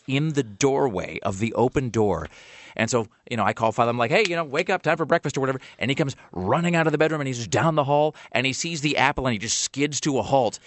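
A man's voice: medium pitch, no echo. A man hosting a radio show, telling rambling pet stories in casual chat, with lots of uh and like.

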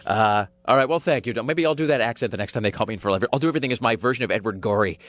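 A man's voice: mid-range voice, racing. A man hosting a radio talk show in casual, rambling banter, full of fillers and self-mocking jokes.

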